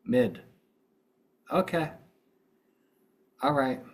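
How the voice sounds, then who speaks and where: In a casual podcast chat, a middle-aged American host sounds groggy, having just woken up, and rambles with frequent restarts. His husky, mid-range voice is animated but extremely slow.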